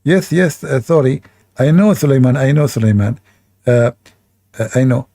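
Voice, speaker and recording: A man's voice: measured pace, warm tone, no echo, studio quality. A man voicing a timid, apologetic female ant who stammers and keeps saying sorry. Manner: stammering, apologetic, high and squeaky.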